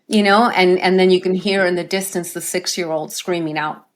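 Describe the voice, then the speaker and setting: A woman's voice: lowish voice, fairly even intonation, moderate pace. A woman life coach, a guest on an interview show, telling stories earnestly and often ending her points with a tag question. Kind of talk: conversational interview storytelling.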